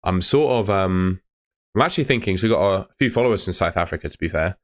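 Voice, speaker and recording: Low-voiced man chatting on stream. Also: lively intonation, quick pace. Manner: chatty, reads out viewer comments with filler words. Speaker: host of a fantasy football live stream. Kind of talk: casual live-stream chat.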